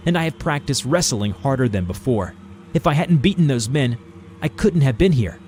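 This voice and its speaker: A man narrating a first-person horror story in a lively storytelling manner. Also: medium pitch, moderate pace. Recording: faint music behind the voice.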